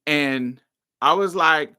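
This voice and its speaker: A podcast host with a low-pitched voice tells a personal story slowly, casual and blunt, full of profanity and prone to heated outbursts. Her tone is pushed and bright, yet clean.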